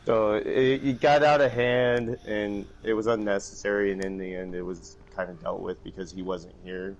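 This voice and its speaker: A man's voice: on the low side, normal speed, highs cut off. A man chatting casually on a live stream, telling stories and acting out phone calls. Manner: animated storytelling, acts out phone calls in raised voices. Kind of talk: casual chat.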